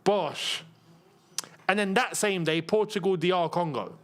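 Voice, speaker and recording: A man hosting a live football watchalong, chatty and rambling, with excitable bursts at the match action. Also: sits high, a little slow. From England. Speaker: football channel host.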